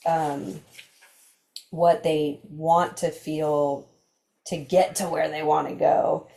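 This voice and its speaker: A woman's voice: low-pitched, flat delivery, takes it slowly, creaky, mellow. A woman hosting a book club discussion, reading passages aloud and musing thoughtfully with frequent fillers. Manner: thoughtful, trails off mid-sentence with fillers.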